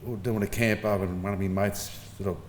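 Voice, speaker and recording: A man's voice: on the low side, steady tone, quick pace, a little hiss or hum. A middle-aged Australian man giving an informal eulogy for his father, telling casual stories with the odd chuckle. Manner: casual storytelling, chuckling between anecdotes. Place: funeral service hall. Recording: echoey hall with faint ambience.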